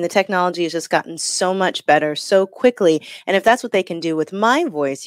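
A woman, a senior correspondent, explaining clearly with light laughs. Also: fairly low pitch, no echo, clean studio sound. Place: Washington, D.C. area studio. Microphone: studio microphone.

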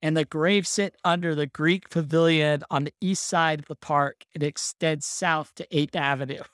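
A podcast host recounting a story in relaxed, easy chat and laughing along the way. The voice sits at a middling pitch and is recorded close and dry, with no room sound. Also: moderate pace, no room sound. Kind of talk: casual chat.

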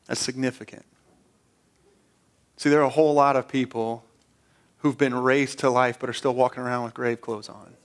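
A man's voice: medium pitch, flat delivery, moderate pace, long pauses. A man preaching a sermon as pastor, earnest and conversational, often repeating words as he restarts.

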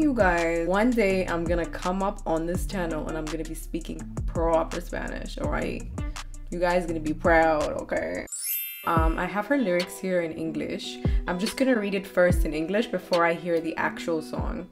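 A woman hosting a music reaction video, chatting casually in a bubbly, gushing way with high exclamations. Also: normal speed. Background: song playing in the background.

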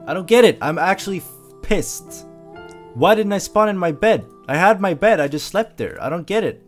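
Excitable gamer commentating his play, very animated delivery. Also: high voice, moderate pace, faint music behind. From Sweden. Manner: excitable, jumpy, yelps when startled. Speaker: gameplay commentator.

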